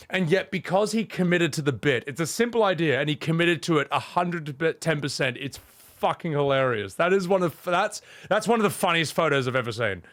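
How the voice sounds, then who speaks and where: A man's voice: a little high, animated, normal speed, a bit bright, no room sound. A man chatting casually on a live game stream, opinionated and rambling, swearing freely.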